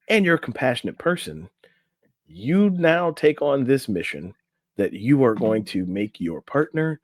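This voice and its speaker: A man's voice: mid-range voice, no room sound. A man co-hosting a relationship coaching podcast, talking loosely and reading from an article with his own asides. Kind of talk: casual podcast chat. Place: in a room on camera.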